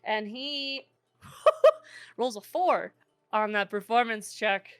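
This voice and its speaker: A woman's voice: mid-range voice, takes it slowly, fairly bright tone, no echo, studio quality. A woman narrating a tabletop game as game master, in a chatty way, laughing often and using lots of fillers.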